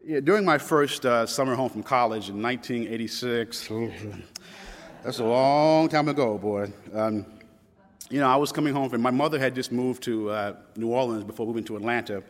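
A man's voice: mid-range voice, normal speed. A man of about fifty from Louisville, Kentucky, telling a personal story in a conversational way, restarting often and quoting others. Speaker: public speaker. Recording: long hall reverb.

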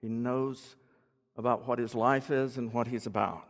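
A man's voice: medium pitch, fairly even intonation, normal speed. A man giving a teaching sermon in a conversational way, explaining words and asking his listeners questions. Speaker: preacher. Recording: long hall reverb.

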